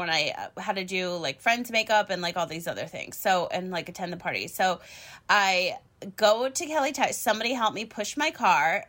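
A woman's voice: on the low side, a bit bright. A woman in her thirties telling a personal story in a casual, chatty way, full of "like" fillers and freely dropped swear words.

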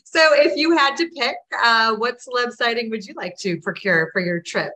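A woman's voice: fairly high pitch, moderate pace, pushed and bright, low-quality recording. A woman co-hosting a podcast in casual conversation, supportive and asking her partner questions. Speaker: podcast co-host. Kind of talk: casual chat.

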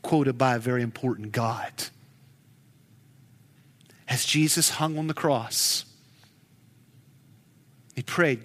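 Male pastor, high voice, unhurried; impassioned sermon in a reverberant hall. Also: fairly bright tone. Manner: emotive preaching, rising to urgent pleas then dropping low.

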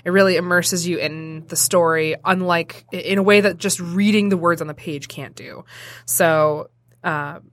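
A woman's voice: lowish voice, steady tone, normal speed. A woman hosting a casual podcast, reading an ad in a chatty, giggly, ad-libbed way. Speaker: podcast host. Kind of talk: casual podcast chat with ad read.

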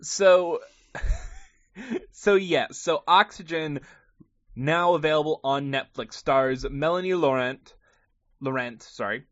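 A man's voice: a little high, takes it slowly, long pauses, fairly bright tone. Man hosting a casual film podcast. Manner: jokey, self-deprecating, summarizing plot. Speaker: podcast host. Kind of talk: casual movie review chat. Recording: slightly muffled dry podcast audio.

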